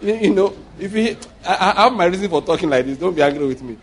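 A man's voice: sits high, animated, fast talker, a little hiss or hum. A man preaching a sermon to a congregation, jokey and digressive, often repeating himself as he explains. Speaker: pastor.

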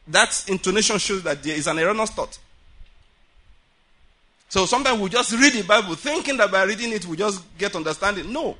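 A man preaches to a congregation in a high, bright voice with a husky edge. He talks in an animated way, acts out quotes and breaks into laughter often. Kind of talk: sermon.

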